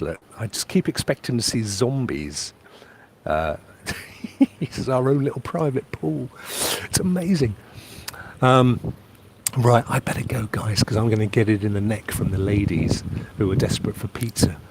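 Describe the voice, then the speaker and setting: A man's voice: mid-range voice, noisy background. A man from England chatting casually on a live stream from a holiday pool, reading out viewer comments and rambling about his trip. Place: outdoors by a private pool on holiday.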